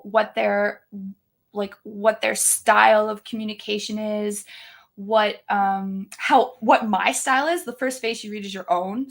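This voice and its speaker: A woman in her thirties, a guest telling stories in a chatty, animated way, full of "like" fillers. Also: medium pitch, vocal fry. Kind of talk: casual storytelling.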